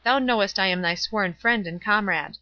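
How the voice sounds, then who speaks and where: Woman reading a cool, mocking knight; bright voice. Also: mid-range voice, normal speed, no echo, muffled recording, close to an everyday voice. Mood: teasing. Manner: mocking, unruffled. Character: calm, teasing armored knight, man.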